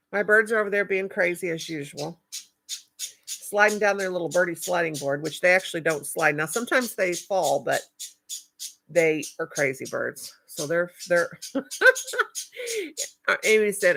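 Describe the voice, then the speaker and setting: A woman's voice: fairly low pitch, normal speed, creaky, pauses often, fairly bright tone. An older woman hosting a live stream, chatting casually and affectionately with viewers in a rambling way, with a cackling laugh.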